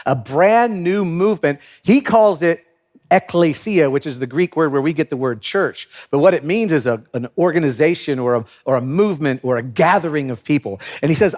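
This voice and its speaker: A pastor preaching a sermon, retelling scripture animatedly, acting out quotes and joking with the congregation. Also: male voice, on the high side, lively intonation, normal speed, a little mellow.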